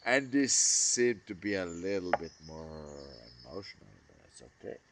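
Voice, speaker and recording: A man vlogging an emotional, rambling monologue about missing his brother, swearing and swinging between loud outbursts and hushed murmurs. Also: deep voice, expressive, normal speed, a little hiss or hum.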